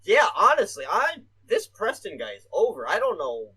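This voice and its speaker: A man's voice: sits high, wildly swooping pitch, moderate pace, bright, forceful tone, husky, low-quality recording. Chatty man rambling through a podcast. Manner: rambling, many "uh" fillers, swears casually. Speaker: podcast co-host. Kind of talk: casual wrestling podcast chat.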